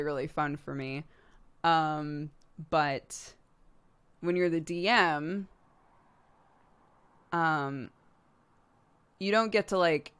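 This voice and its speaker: Chatty streamer lady with a really low voice, laughs a lot, swears casually. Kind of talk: casual chat answering viewer questions.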